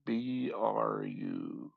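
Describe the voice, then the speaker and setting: A man's voice: on the low side, wildly swooping pitch, drawn-out words, vocal fry, no echo. A man hosting a crypto analysis live stream, chatting casually and thinking aloud while he reads through his notes. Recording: dull lo-fi stream audio.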